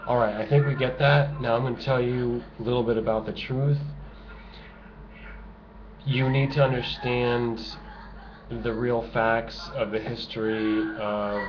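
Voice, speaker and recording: A man delivering a sarcastic, emphatic ranting monologue to camera, repeating his points for effect. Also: lowish voice. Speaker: video blogger. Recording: dull lo-fi home recording with noise.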